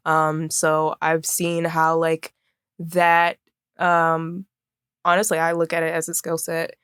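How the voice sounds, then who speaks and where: A woman's voice: low voice, completely flat delivery, takes it slowly, a bit bright, clear, resonant tone, no room sound, clean studio sound. A young woman from Maryland, a fashion designer, chatting casually as a podcast guest and using lots of fillers. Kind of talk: casual conversation.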